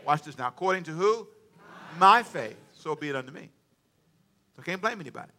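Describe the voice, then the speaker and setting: Bright-voiced man preaching with call-and-response. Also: fairly high pitch, lively intonation, brisk. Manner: call-and-response preaching, dramatic swings in volume. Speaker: pastor. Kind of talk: sermon. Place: church sanctuary with congregation.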